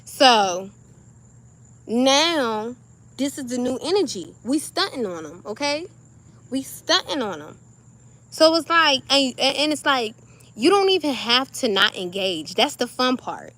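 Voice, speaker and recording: Playful, animated woman with a slangy drawl. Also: sits high, a little slow. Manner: animated, playful, slangy, laughs often, acts out little scenes. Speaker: spiritual vlogger. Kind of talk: casual spiritual pep talk to camera.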